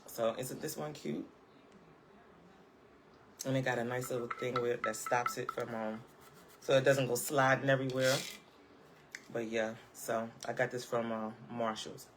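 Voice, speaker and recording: A woman's voice: extremely low pitch, fairly even intonation, measured pace, long pauses, background noise. A woman vlogger chatting casually in a live stream from home. She sounds sassy and emphatic, often tagging her points with "okay?" and breaking into laughter. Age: adult, parent of a school-age child. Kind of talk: casual live-chat commentary.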